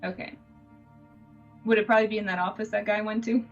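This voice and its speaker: A woman's voice: medium pitch, flat delivery, fast talker, muffled recording, faint music behind. A woman playing in a tabletop game, speaking hesitantly with many fillers. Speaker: player.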